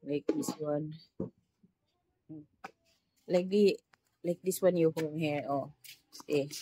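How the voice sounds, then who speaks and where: A woman's voice: sits low, fairly even intonation, takes it slowly, warm tone, breathy edge, rough recording. A woman with a Filipino accent vlogging casually in broken English, emotional and plaintive, worn down by the heat. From Philippines. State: overheated from the heat. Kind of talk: casual vlog chat. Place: simple rural home in the tropics.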